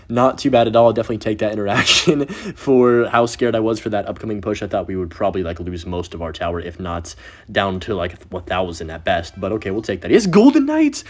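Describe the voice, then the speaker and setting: A young man giving excitable gameplay commentary while he plays, talking to himself and to viewers. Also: fairly low pitch. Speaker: gaming video creator.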